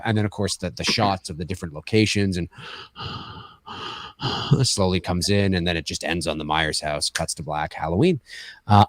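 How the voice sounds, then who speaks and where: A man's voice: lowish voice, darkish tone, no room sound, clean studio sound. A man hosting a casual panel talk, rambling and acting out film lines as he goes.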